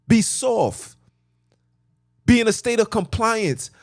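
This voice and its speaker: A man's voice: high voice, expressive, slow pace, dry recording, clean studio sound. An agitated man ranting fervently from a car, preachy and repetitive as he hammers his points. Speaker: podcast host. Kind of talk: impassioned rant.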